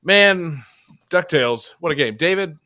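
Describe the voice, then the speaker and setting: A man's voice: on the high side, expressive, measured pace, sharp tone, dry recording, studio quality. A man hosting a podcast in a casual, joking chat, swearing freely. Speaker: podcast host.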